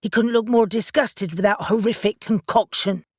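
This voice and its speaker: A woman's voice: mid-range voice, steady tone, moderate pace, slightly rough, no echo, clean studio sound, close to an everyday voice. A woman reading the part of a stubborn young man who grumbles and swears in an audiobook. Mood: grumbling.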